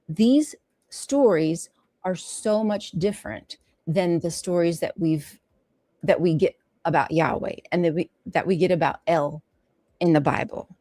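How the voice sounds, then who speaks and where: Woman, myth reading on a livestream, slow delivery, animated and frank, dry room. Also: fairly low pitch, no echo. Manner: animated, frank, swears freely, stops to comment. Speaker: livestream host reading myths. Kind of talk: casual livestream reading with commentary.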